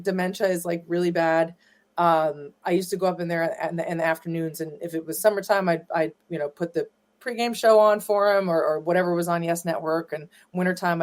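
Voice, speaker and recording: A woman's voice: on the low side, darkish tone. Chatty woman telling family stories. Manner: chatty, rambling, many fillers and restarts. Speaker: guest, granddaughter of a former ballplayer. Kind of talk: casual storytelling interview.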